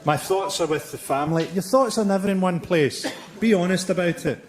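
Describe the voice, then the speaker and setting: High-voiced man doing biting stand-up. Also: fairly quick. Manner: deadpan, biting delivery. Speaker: stand-up comedian. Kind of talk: stand-up routine. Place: theatre stage with audience. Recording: live show with loud audience laughter.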